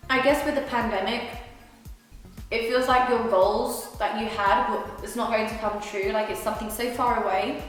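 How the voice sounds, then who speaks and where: Young woman from surrey rambling while she eats, kinda high voice, big reverby room. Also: steady tone, moderate pace. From Surrey, England. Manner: chatty, rambling, thinks aloud. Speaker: vlogger. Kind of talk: casual chat while eating. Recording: very echoey room, long reverb, faint music.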